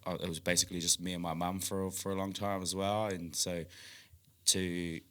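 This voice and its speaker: A man in a casual podcast chat who talks in an animated way, swears freely, laughs between phrases and acts out the voices in his head. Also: low voice, moderate pace.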